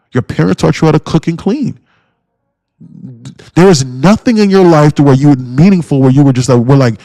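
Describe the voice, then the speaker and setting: A fairly high-pitched, mellow male voice, recorded in clean studio sound with no room ambience. He livestreams his day trading, ranting bluntly with heavy swearing and mocking his viewers in put-on voices, in a profane, ranting style.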